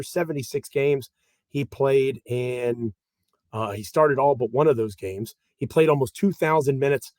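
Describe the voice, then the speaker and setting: A man talking through a sports podcast on his own, making his points with emphasis in a relaxed, conversational voice. His pace speeds up and slows down as he goes. The recording is close and dry, with no room sound. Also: on the high side, dry recording. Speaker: podcast host. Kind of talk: solo sports analysis podcast.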